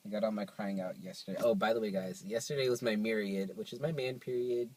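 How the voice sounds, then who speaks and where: A young man chatting to camera in a vlog, telling stories in an animated, playful way, recorded on his phone. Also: on the low side, fast, poor audio. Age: young adult. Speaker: vlogger. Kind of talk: casual chat to camera.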